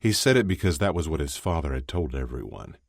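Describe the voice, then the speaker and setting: A man narrates a story in a steady, even storytelling delivery. His voice is extremely low and deep. The recording is close and dry, with no room sound. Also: quick pace, creaky, dry recording. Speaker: audiobook narrator. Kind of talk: scripted narration.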